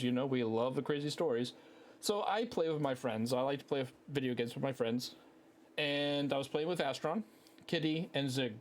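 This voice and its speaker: Brief: man in his thirties, podcast host on a headset, loose, cussing, self-deprecating storyteller. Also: medium pitch. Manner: rambling, profane, self-mocking. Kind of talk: casual solo podcast storytelling.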